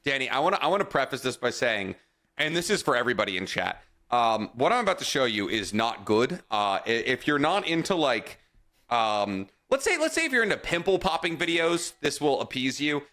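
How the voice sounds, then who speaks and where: A man's voice: mid-range voice, very animated, a little fast, bright, forceful tone. A man co-hosting a casual podcast, joking and swearing freely as he chats. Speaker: podcast co-host.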